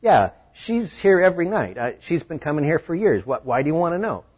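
Man doing a gruff diner cook. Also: a little high, sing-song, fairly quick, darkish tone, pitched above the performer's own voice. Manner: gruff, blunt. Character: gruff middle-aged male diner cook. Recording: dull lo-fi recording.

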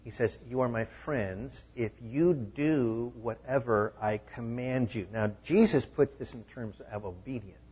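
Male pastor with a husky mid-range voice, conversational but emphatic, in a dull church recording. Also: mid-range voice, unhurried, hardly any pauses, darkish tone. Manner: conversational preaching with emphatic repeated phrases. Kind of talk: sermon.

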